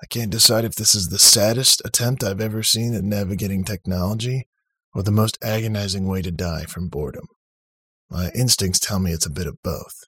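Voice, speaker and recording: A man's voice: lowish voice, steady tone, brisk, fairly bright tone, husky, no echo, clean studio sound. A man doing a wry sarcastic young guy. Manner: wry, mocking.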